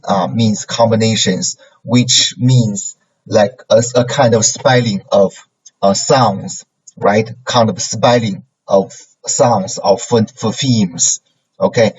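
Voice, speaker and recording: A man gives a language lesson in a slow, patient way, stopping often to check that students follow. His voice is a little husky. The recording is dull and lo-fi. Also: medium pitch, a little mellow. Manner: slow and patient, with many fillers and tag questions. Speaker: Chinese language teacher. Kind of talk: classroom lesson reviewing pinyin.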